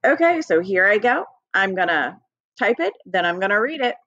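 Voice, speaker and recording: A woman's voice: medium pitch, sing-song, moderate pace, a bit bright, no room sound. A woman teacher leading a recorded early-grade phonics lesson, patient and encouraging, spelling out letters one by one. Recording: dry, dull lo-fi home recording.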